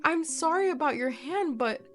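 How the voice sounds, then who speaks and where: A woman voicing a gentle young woman who stutters and pleads, close to tears. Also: high voice, animated, moderate pace, faint music behind, voice pushed up. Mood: tearful, pleading.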